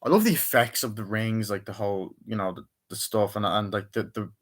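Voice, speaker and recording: A man's voice: lowish voice, brisk. A young man chatting casually through a movie review, rambling and swearing freely as he retells favorite scenes.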